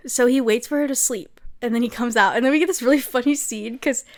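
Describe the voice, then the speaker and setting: A woman recaps a book in a loose, conversational way, her voice sitting a little high. She is sarcastic and chatty, and she keeps breaking into giggles between lines. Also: a little fast. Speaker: book reviewer.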